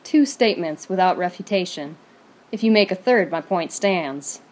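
A woman's voice: medium pitch, expressive, moderate pace, a little mellow, natural voice. A woman voicing a proud, feisty young woman who speaks in a pointed, mocking way.

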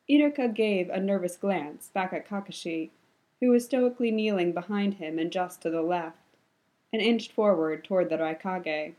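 A woman narrates fiction in a measured, even way. Her voice sits low and sounds mellow and warm, never bright. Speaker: reader. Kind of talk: audiobook-style fan fiction narration.

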